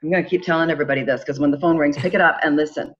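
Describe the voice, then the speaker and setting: A middle-aged woman tells a personal story as a podcast guest. She talks in a lively, animated way and slips into quoted voices for the people in it. The recording sounds dull and lo-fi. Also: low-pitched, very fast. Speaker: podcast guest, charity founder. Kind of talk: casual storytelling.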